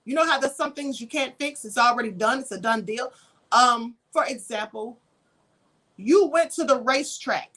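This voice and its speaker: A high-pitched woman hosts a spiritual livestream, teaching in a conversational, preachy way. She poses rhetorical questions to her viewers and answers chat comments as she goes. She was raised in Kentucky. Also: moderate pace, fairly bright tone. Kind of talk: live-stream teaching, reading chat comments.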